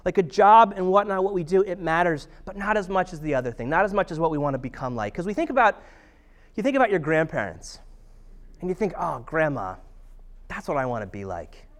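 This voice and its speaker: A man's voice: sits high, animated, quick pace. A man in his thirties giving a conversational sermon, telling family stories with self-deprecating humor.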